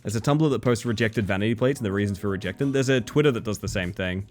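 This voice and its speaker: A man's voice: medium pitch, very animated, a little fast, soft background music. A young adult man casually commentating on a game stream, telling stories in a joking way. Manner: joking storyteller.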